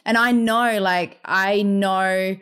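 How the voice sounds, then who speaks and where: A woman co-hosting a podcast who tells stories in a chatty, loose way, leaning on "like." Her pitch sits in the middle range. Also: fairly even intonation, takes it slowly, a bit bright, smooth. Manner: chatty, storytelling, frequent "like". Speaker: podcast co-host. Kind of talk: casual conversational interview.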